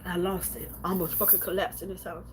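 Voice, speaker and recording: A woman's voice: fairly low pitch, level tone, fast, a little hiss or hum. A woman livestreaming from home, telling a painful personal story in a blunt, profane way with lots of repetition, then reading out viewer comments.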